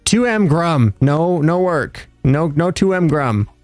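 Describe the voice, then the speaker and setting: A young livestreamer with a voice on the high side sounds animated but speaks at a slow pace, faint music behind him. He casually chats with viewers as he plays, rambling and joking at his own expense.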